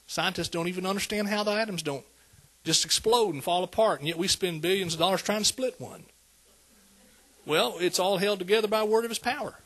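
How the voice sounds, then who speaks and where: A man's voice: sits high, a little fast, fairly bright tone. A man preaching a sermon, conversational and calling out to the congregation. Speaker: pastor.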